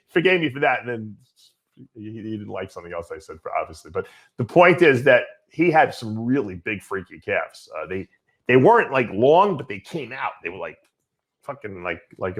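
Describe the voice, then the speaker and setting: An older man hosting a bodybuilding Q&A show, answering in a blunt, animated, storytelling way with some swearing. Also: on the low side, normal speed. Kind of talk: casual Q&A answer.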